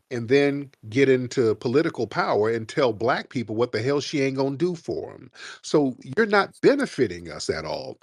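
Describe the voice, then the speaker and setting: A man hosting a live call-in show, lecturing a caller forcefully and slowing down to stress his points. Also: medium pitch, slightly rough, no echo, studio quality. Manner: forceful, lecturing, slows for emphasis. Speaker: show host. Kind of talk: heated live call-in debate.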